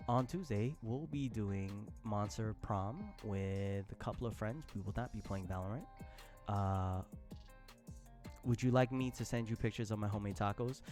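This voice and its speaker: A man streaming live, chatting casually with his viewers, laughing often and breaking into loud outbursts. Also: fairly low pitch. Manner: addresses chat as y'all, slangy.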